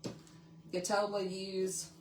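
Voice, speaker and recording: A woman's voice: medium pitch, monotone, unhurried, roomy sound, recorded from a distance, slight background noise. A woman from Tennessee with a Southern accent, chatting casually while demonstrating a craft on a live stream and greeting viewers by name. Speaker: craft livestream host.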